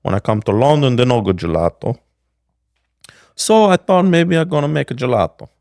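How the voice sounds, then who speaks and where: A man's voice: mid-range voice, animated, moderate pace, vocal fry, darkish tone, no room sound, studio quality, voice pushed up. A man voicing an Italian gelato maker who speaks broken English with a put-on Italian lilt. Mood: proud.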